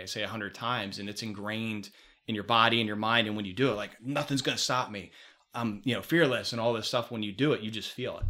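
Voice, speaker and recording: A middle-aged man, a life coach, talking as a podcast guest in an energetic, emphatic way. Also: lowish voice. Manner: energetic, emphatic storyteller, repeats mantras. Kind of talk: casual podcast chat.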